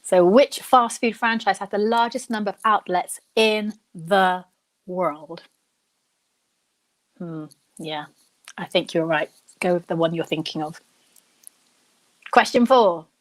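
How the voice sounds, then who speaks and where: A young woman hosting a live online quiz, chatting and thinking out loud, reading each question slowly and then repeating it. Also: mid-range voice. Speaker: quiz host.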